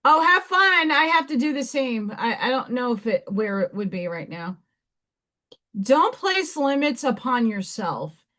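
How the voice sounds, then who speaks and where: A woman with a New York accent, somewhat hoarse, hosting a live stream where she chats excitedly and reads oracle-card affirmations aloud. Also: a little high, moderate pace, few pauses. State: hoarse, voice weakened. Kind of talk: casual live-stream chat and card reading.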